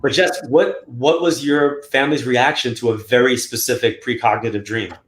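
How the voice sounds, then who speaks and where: A man's voice: mid-range voice, moderate pace. Man telling stories in a roomy room. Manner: animated, acts out quotes in a raised voice. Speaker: guest psychic medium. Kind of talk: casual interview storytelling. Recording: roomy echo.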